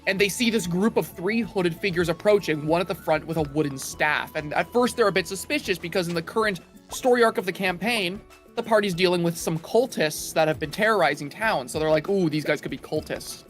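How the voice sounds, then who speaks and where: A man tells a tabletop game story over voice chat, his voice fairly light in tone. He builds up to his punchlines with animated delivery. Quiet game music runs underneath. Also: high-pitched, fairly quick.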